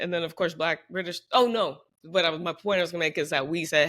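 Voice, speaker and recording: A woman co-hosting a podcast in casual chat, lively and acting out quoted people. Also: a little fast. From United States. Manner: animated, acts out quoted voices with big pitch jumps. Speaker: podcast co-host.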